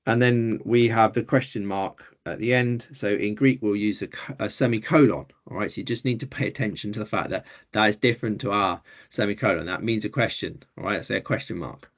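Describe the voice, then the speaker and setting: Speaking fairly quickly in a fairly low voice, the Greek teacher patiently explains material to beginners in an informal online class, hesitating often with ums.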